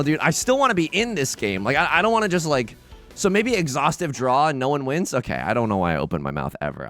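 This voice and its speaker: Animated man joking through a game. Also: a little high. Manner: animated, joking, quick restarts and self-mocking asides. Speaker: let's play host. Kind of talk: casual gameplay commentary.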